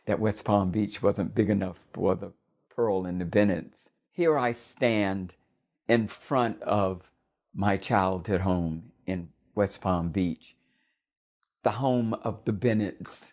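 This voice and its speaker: An older woman recounting a personal story in a measured, reflective way. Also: very deep voice, darkish tone.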